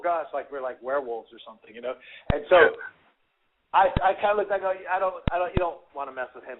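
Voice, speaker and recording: A man, a former fighter and radio guest, telling animated stories full of fillers and acted-out quotes. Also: on the high side. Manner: animated storyteller, acts out quotes, many fillers. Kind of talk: casual storytelling on a radio show. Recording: tinny phone line with faint hiss.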